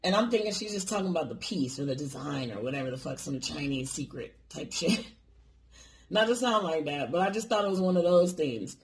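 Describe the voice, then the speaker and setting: A man's voice: on the high side, expressive, brisk. A man casually telling a personal story on his vlog, rambling and swearing freely. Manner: rambling, profane, lots of fillers.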